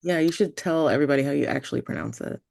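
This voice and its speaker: Woman, podcast guest; meandering, many "like"s, some vocal fry, dry close recording. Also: sits low, rapid-fire, darkish tone, dry recording. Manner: rambling, filler-heavy, trailing off. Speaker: guest filmmaker. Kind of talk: casual podcast chat. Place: remote from the hosts, in New York.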